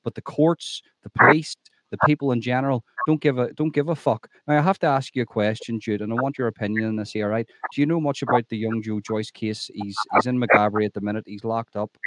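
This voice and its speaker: A man's voice: mid-range voice, steady tone, quick pace, a bit bright, no room sound. Emphatic male podcast host, dry close sound. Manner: emphatic and opinionated, repeats himself when stressing a point. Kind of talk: conversational interview.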